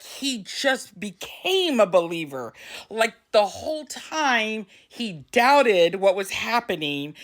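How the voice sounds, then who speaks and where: A middle-aged woman casually telling a family story, laughing as she goes and slipping into quoted voices. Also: mid-range voice. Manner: animated, laughs while talking, breaks into quoted voices.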